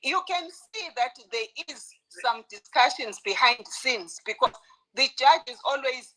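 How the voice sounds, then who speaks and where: Fired-up woman on a podcast panel, bright voice, from south africa, keeps pressing her point. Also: high-pitched, animated, measured pace, low-quality recording. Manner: indignant, emphatic, stacks up complaints. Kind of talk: heated casual commentary.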